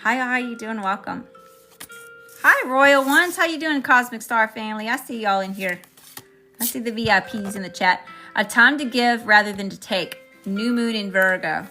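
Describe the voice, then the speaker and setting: A woman's voice: a little high, normal speed, pushed and bright, faint music behind. A woman doing a live-stream tarot reading, chatting with viewers between cards. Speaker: tarot reader.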